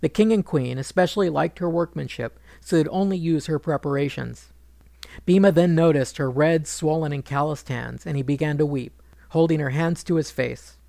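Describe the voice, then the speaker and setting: A man narrating a retelling of an ancient epic in a measured, wry manner. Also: on the high side, creaky, mellow, no echo, studio quality. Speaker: storyteller.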